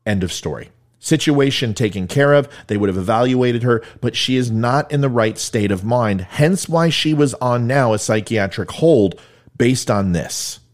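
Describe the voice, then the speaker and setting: A man's voice: medium pitch, expressive, moderate pace. A man giving blunt, emphatic video commentary, explaining events step by step. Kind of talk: video commentary on police footage.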